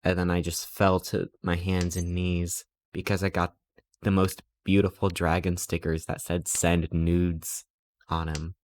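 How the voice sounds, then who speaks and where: A man's voice: sits low, monotone, unhurried, slight background noise. A man streaming live, telling stories in a rambling, playful way and acting out quotes. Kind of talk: casual chat while streaming.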